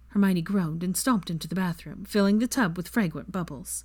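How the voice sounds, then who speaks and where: A woman's voice: lowish voice, brisk. A woman narrating a fan fiction story as its reader. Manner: expressive storytelling. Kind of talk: scripted narration.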